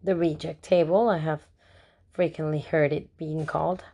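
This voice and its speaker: A woman reads a first-person story aloud in a wry, lively way. Her voice sits on the low side for a woman. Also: normal speed. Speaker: audiobook narrator. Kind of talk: first-person audiobook narration.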